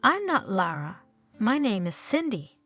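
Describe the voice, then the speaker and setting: A woman's voice: medium pitch, very animated, a little slow, fairly bright tone. A woman narrator voicing an irritated foreign woman tourist who snaps at a stranger, with faint guitar music behind. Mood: annoyed. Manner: irritated, snapping.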